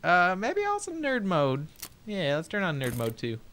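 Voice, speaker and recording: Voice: mid-range voice, huge pitch swings, measured pace, a bit bright, slight background noise. A let's play host giving casual gameplay commentary, reading game text aloud with joking asides, chatting to viewers, swearing and laughing now and then.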